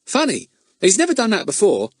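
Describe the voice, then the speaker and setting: A man's voice: sits high, wildly swooping pitch, a little fast, slightly rough, dry recording, studio quality, voice pushed up, exaggerated voice. A man voicing a simple, good-natured village boy with clumsy, chummy speech. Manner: ungrammatical, chummy.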